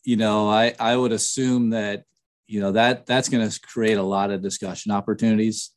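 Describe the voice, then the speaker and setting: A middle-aged man talking earnestly in an interview, slightly nasal, pausing often with fillers and restarts. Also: on the low side, fairly even intonation. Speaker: podcast guest, author. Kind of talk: casual interview talk.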